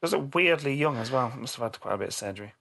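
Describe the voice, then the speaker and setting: A man's voice: mid-range voice, animated, rapid-fire, gravelly, pushed and bright. A man in his thirties co-hosting a casual podcast chat, joking and laughing often. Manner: jokey, laughs often, repeats phrases. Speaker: podcast co-host.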